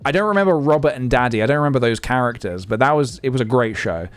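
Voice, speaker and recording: A man's voice: mid-range voice, lively intonation, fast talker, clear, resonant tone. A young man live-streaming, chatting casually and thinking aloud with lots of fillers as he goes.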